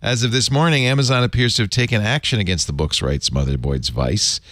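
A man's voice: fairly low pitch, brisk, no echo, studio quality. A man hosting a casual tech panel show, reading news items aloud and joking with his co-hosts. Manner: animated, jokey, reads headlines aloud. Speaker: host.

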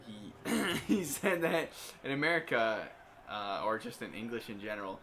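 A man's voice: medium pitch, expressive, moderate pace, creaky, a bit bright, a little hiss or hum. A man co-hosting a casual gaming commentary, goofy and giggly, making crude jokes. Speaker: gameplay co-host.

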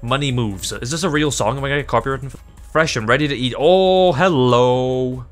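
Male gaming YouTuber, mid-pitch, excitable and foul-mouthed, rambling commentary. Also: fast, soft background music. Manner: excitable, swears freely, laughs often; rambling, self-interrupting. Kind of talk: gameplay commentary.

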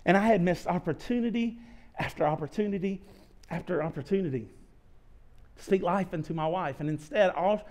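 A pastor preaches to his church in a fairly high voice for a man. He talks earnestly and confessionally, in a sermon style. He often stumbles and restarts, repeating words as he goes. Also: fairly quick, a little mellow. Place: church sanctuary.

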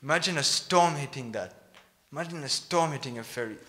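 Bright-voiced male preacher in a hall. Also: a little high, a little fast. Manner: storytelling, moving between loud and soft. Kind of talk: sermon. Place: rented hall, live service. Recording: long reverb of a hall.

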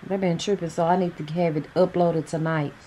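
A woman's voice: on the low side, a little fast, slight background noise. A middle-aged woman, talking casually to camera in a daily vlog, chatty and laid-back. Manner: chatty and laid-back, loud and excited at times. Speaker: vlogger.

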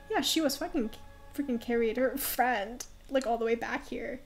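A woman's voice: a little high, moderate pace, faint music behind. A young woman streaming a game, chatting, laughing often and reading character lines aloud, with a nasal, congested voice. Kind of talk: game let's play, reading dialogue aloud.

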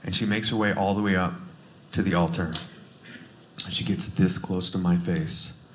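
A man's voice: sits low, steady tone, normal speed, a bit bright, a little hiss or hum. A man from Cleveland telling a wry, self-deprecating story in a stand-up set. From Cleveland, USA. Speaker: stand-up comedian. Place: comedy stage before a live audience. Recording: echoey room with audience laughter.

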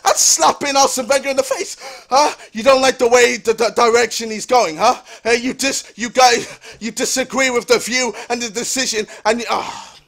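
A young man with a strikingly high voice rants through gaming commentary. He sounds exasperated, hammering the same lines over and over with casual slang. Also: steady tone, moderate pace, fairly bright tone. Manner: exasperated, repetitive ranting with slang. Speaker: gaming YouTuber.

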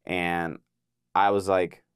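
A young man, a voice actor guest, telling an excited story in a casual interview, full of filler words and acted-out quotes. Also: sits low, slow, clear, resonant tone, dry recording, studio quality.

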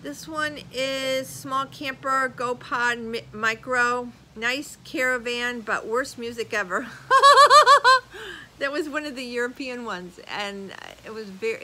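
An older woman vlogger chatting casually as she reads viewer comments aloud, animated and laughing often. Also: fairly high pitch, slight background noise, poor audio. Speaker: YouTube vlogger. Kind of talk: casual chat reading comments.

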